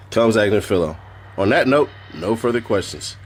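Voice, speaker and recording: Reading a court transcript casually on a stream, this man has a husky voice on the low side. His reading is flat, but he keeps interrupting himself to joke around and laugh.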